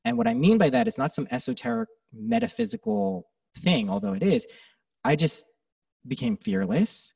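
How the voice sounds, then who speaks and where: Male podcast guest, fairly high and very gravelly, breathy edge, swings his pitch a lot; casual storyteller who swears freely; dry, slightly distant mic. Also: moderate pace, dry recording. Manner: animated, swears freely, acts out his own thoughts.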